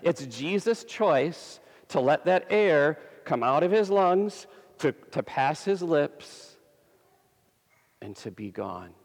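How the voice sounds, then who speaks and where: A man preaching a sermon as a pastor, slow and emphatic with long pauses, his voice slightly gravelly. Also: a little high, sing-song, long reverb tail.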